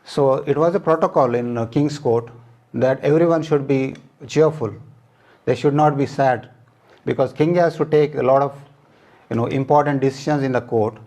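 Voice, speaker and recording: A man preaching a sermon, explaining scripture step by step in plain, halting words with fillers. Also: medium pitch, a little mellow.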